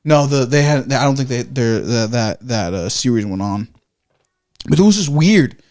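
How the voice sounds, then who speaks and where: A podcast co-host with an expressive, darkish, medium-pitched male voice tells a story at a moderate pace. The casual chat is rambling and self-correcting, and he swears freely while acting out his own reactions in quoted asides.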